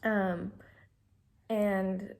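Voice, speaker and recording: A woman's voice: mid-range voice, little pitch movement, extremely slow, darkish tone. A young adult woman telling a personal story in a casual vlog, rambling with many fillers and restarts. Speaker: vlogger.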